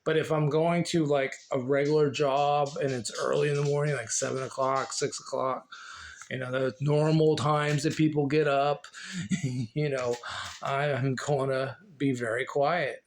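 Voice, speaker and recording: A man's voice: mid-range voice, level tone, measured pace, a little hiss or hum. A man vlogging casually and reading from a book, rambling and repeating words with many restarts. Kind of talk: casual chat and reading aloud.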